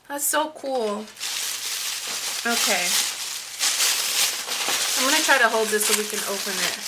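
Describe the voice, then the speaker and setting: A young woman vlogger chatting excitedly through an unboxing, gushing with lots of "you guys" and "like". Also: fairly high pitch, measured pace, heavy background noise. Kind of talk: unboxing vlog chat.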